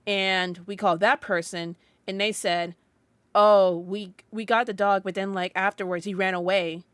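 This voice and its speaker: A woman's voice: medium pitch, steady tone, moderate pace, clean tone, no room sound. A young woman co-hosting a casual podcast, telling a story in a rambling way, full of "like" fillers and restarts. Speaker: podcast co-host.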